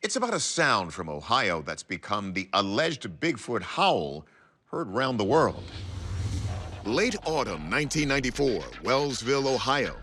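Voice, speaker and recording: A man hosts a documentary, narrating from a script with dramatic, lively intonation. His voice is medium in pitch and unhurried, recorded as a voice-over with music.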